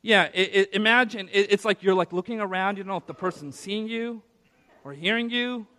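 A male pastor with a somewhat high voice preaches in a church, his words ringing out in a long reverb. He tells a story casually and speaks straight to the listeners, then slows right down and leans on each word to drive his point home. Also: sharp tone. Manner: storytelling, conversational with asides to the audience; slows down and presses words for emphasis. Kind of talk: sermon. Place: church sanctuary.

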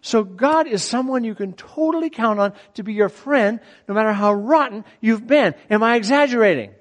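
At a moderate pace and in a high voice, a middle-aged preacher addresses a large hall, his sermon lively and chatty, regularly asking the people listening questions.

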